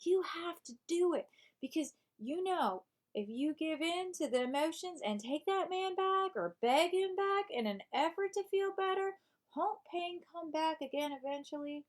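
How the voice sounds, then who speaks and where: A woman's voice: extremely high pitch, lively intonation, moderate pace, voice pushed up. A woman reading a self-help book aloud in a put-on American Southern accent, voicing an earnest advice-giving woman. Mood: preachy. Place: home live stream.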